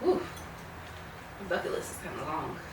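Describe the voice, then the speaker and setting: A woman's voice: low voice, expressive, normal speed, recorded from a distance, noisy background. Woman podcast co-host, roomy echo. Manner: conversational, often says "you know what I'm saying". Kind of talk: casual chat.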